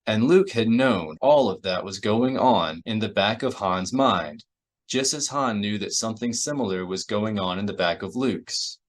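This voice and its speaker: A man with a fairly low voice narrates a novel aloud. He reads in a steady, even storytelling manner. It is plain audiobook narration. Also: a little slow. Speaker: audiobook reader.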